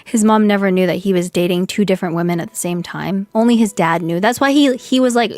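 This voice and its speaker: A young woman streamer venting in casual live chat, talking fast with lots of "like", her voice a bit hoarse from yelling. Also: mid-range voice, no echo.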